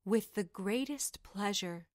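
A gentle gracious nightingale, voiced by a woman. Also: medium pitch, slow pace, no room sound, clean studio sound, close to an everyday voice. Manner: soft, gracious, modest.

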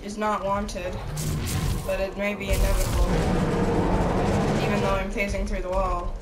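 A young woman narrating her own video game in a mock nature-documentary style, slipping between hushed narration and casual reactions. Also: mid-range voice, little pitch movement, normal speed. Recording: roomy, distant mic under loud game music.

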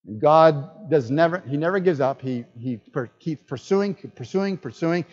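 Older male guest pastor, high-pitched preaching voice, dull recording with long hall reverb. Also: moderate pace. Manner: animated, swings from loud emphatic bursts to low asides. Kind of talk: sermon. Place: church hall.

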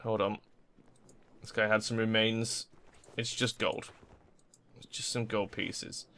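A man's voice: fairly low pitch, level tone, slow, sharp tone. Brief: man, casual gamer commentary, reads on-screen text aloud. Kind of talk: casual let's play commentary.

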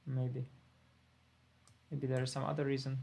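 Laid-back man with a gravelly voice. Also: medium pitch, monotone, moderate pace, dark tone. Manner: laid-back, thinking aloud. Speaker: chess player giving an online simul. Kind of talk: live-stream commentary while playing.

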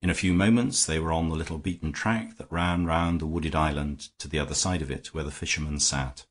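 Deep-voiced husky male audiobook narrator. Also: fairly even intonation, fairly quick. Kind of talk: scripted narration.

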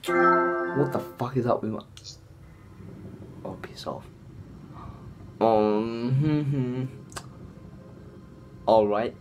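This is a man talking through his own gameplay, his voice sitting at an ordinary middle pitch. He swears nearly every sentence and rants with frustration at his teammates and opponents. Loud game music and effects play behind him. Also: very slow, long pauses, highs cut off. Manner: swears constantly, frustrated ranting. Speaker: gamer. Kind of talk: gameplay commentary. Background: game music and sound effects.

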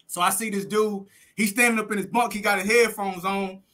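A man's voice: sits high, fast, sharp tone. A man from Texas, a guest telling a story in a casual interview, full of street slang and cursing. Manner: vivid street slang, heavy cursing, acts out scenes. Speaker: interview guest recounting prison life.

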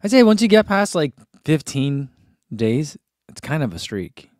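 A man's voice: on the high side, very animated, unhurried, darkish tone, no echo, clean studio sound. Chatty man hosting a live stream. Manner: chatty, rambling, with fillers and laughs. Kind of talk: casual live-stream chat reading viewer comments.

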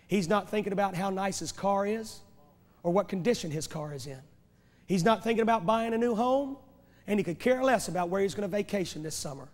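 High-voiced impassioned revival preacher. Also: male voice. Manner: impassioned, hammering rhetorical questions and repeated phrases. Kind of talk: revival sermon. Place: large church sanctuary. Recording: echoey church hall from a VHS tape.

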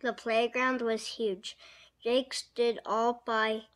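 Slow, higher-pitched woman reading aloud. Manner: slow, expressive reading with voiced dialogue. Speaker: storybook reader. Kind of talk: children's picture book read-aloud.

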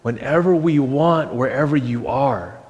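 A young man, a pastor, giving an animated sermon in a church and acting out the voices he quotes. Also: medium pitch, measured pace. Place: church sanctuary. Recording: long church hall reverb.

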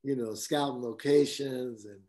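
A man speaking as a guest cinematographer, telling stories casually with a lively delivery, laughing often and acting out quotes. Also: mid-range voice, unhurried. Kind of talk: casual anecdotal storytelling.

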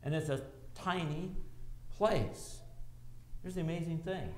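A middle-aged man preaching a sermon as pastor, with animated delivery, rhetorical questions and dramatic pauses. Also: a little high. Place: church sanctuary. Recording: roomy church echo.

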